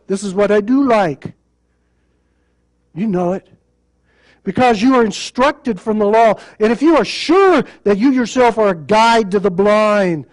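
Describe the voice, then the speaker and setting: A male pastor preaching a sermon in a plain conversational way, with sarcasm and rhetorical questions. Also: very high voice.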